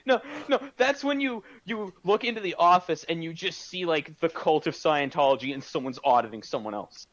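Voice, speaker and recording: Jokey guy on a podcast, high bouncy voice, kinda dull lo-fi mic. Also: animated, fairly quick, fairly bright tone. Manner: jokey, playful. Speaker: podcast host. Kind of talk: casual chat.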